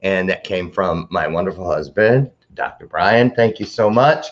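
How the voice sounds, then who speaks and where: A man hosting a live talk show, chatting to camera in a rambling, animated way. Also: deep voice, moderate pace, dull audio, noisy background.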